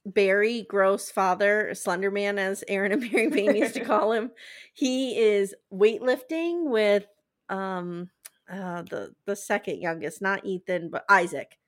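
A woman hosting a podcast, recapping a TV show in a chatty, animated, gossipy way. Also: mid-range voice, a little slow. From eastern United States. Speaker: podcast host. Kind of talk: casual podcast chat.

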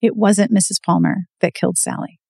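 A woman's voice: medium pitch, brisk, vocal fry, slightly rough, dry recording, studio quality. A woman co-hosting a podcast, recapping a novel in casual chat and acting out the characters' lines. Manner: animated storyteller, acts out quotes, swears casually. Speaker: podcast co-host.

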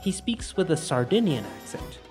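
A man hosting a podcast, narrating from a script in a clear, explanatory way. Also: fairly high pitch, big pitch swings, normal speed, a little mellow, soft background music. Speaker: podcast host.

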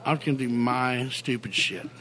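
A middle-aged man, a songwriter guest, telling career stories in a casual interview, animated, rambling and full of swearing. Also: medium pitch, normal speed. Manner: animated, profane, rambling storyteller.

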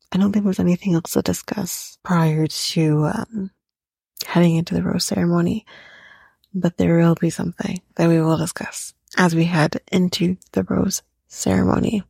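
A woman's voice: on the low side, creaky, warm tone, slightly rough, dry recording. A young woman hosting a podcast, recapping a reality show in a profane, opinionated rant. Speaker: podcast host.

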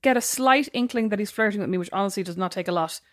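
A woman chatting casually as a podcast co-host, telling animated stories and acting out quotes. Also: mid-range voice, fast talker, no echo, clean studio sound. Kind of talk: casual chat.

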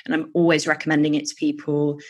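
A woman in her thirties speaks as a guest in an interview. Her voice sits low, and she talks in a chatty, candid, self-deprecating way, swearing now and then. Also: monotone, quick pace. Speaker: guest, writer and podcaster.

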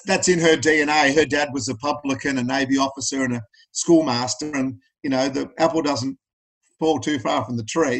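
A man's voice: fairly high pitch, a bit bright, rough recording. A middle-aged Australian man speaking as a podcast guest, telling personal stories in an earnest, plain-spoken way. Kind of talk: candid interview talk.

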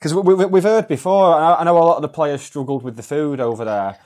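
A man's voice: a little high, brisk, darkish tone. A man co-hosting a casual podcast, asking his guest a follow-up question. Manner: laughing along, asks follow-up questions. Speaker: podcast co-host. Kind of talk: casual chat.

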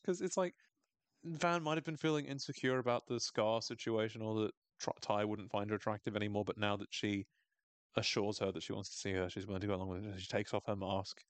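A man hosting a podcast, recapping a TV episode in casual, animated talk, swearing and laughing often. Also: fairly low pitch, no echo. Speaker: podcast host.

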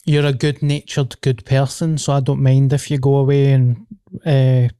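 A man's voice: medium pitch, flat delivery, moderate pace, warm tone, clear, resonant tone, no room sound, clean studio sound. A man with a Glaswegian Scottish accent hosting a podcast, chatting casually in sweary, laughing banter. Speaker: podcast host. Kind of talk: casual chat.

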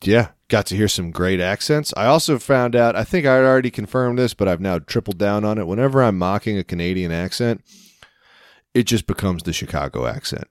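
A man's voice: lowish voice, animated, brisk, no echo, studio quality. A man co-hosting a casual podcast chat, joking around, swearing freely and slipping into mock accents. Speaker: podcast co-host.

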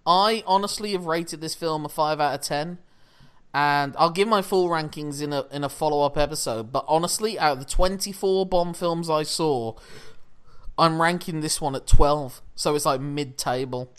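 A young man co-hosting a podcast, chatting casually about films with quick jokes and frequent laughter. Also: a little high, fairly bright tone, smooth. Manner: quick, jokey, laughs often. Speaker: podcast co-host. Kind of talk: casual film review chat.

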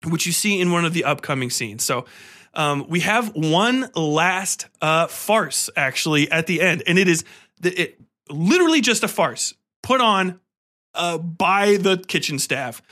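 Bright-voiced man rambling through a film recap. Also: a little high, expressive, measured pace. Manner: rambling, filler-heavy storytelling. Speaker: podcast host. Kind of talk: casual film review monologue.

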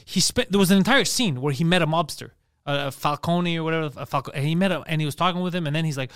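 A man co-hosting a casual podcast chat, telling animated stories, acting out quotes and laughing along. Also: fairly high pitch, fast talker, clear, resonant tone, no echo, studio quality. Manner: animated storytelling with acted-out quotes; laughs through his stories. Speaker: podcast co-host.

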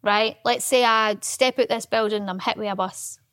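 A woman's voice: on the high side, steady tone, normal speed, fairly bright tone, no echo, clean studio sound. A woman co-hosting a podcast, chatting casually in a teasing, playful way. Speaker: podcast co-host. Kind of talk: casual chat.

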